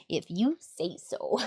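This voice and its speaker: A woman's voice: high-pitched, vocal fry, mellow, breathy edge. A woman from Michigan, a cosplayer streaming as she builds a costume, chatting casually with her viewers, muttering to herself and laughing often. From Michigan, USA. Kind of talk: casual livestream chat while crafting. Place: indoor craft workspace.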